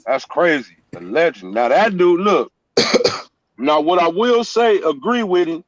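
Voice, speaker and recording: A man talks in a fairly high voice, emphatic and story-driven, and keeps checking in with the listener. The sound is dull and lo-fi, like a call line, and very dry. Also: very animated, unhurried, no room sound. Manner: emphatic street storytelling, repeats "you know what I'm saying". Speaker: guest. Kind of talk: casual chat.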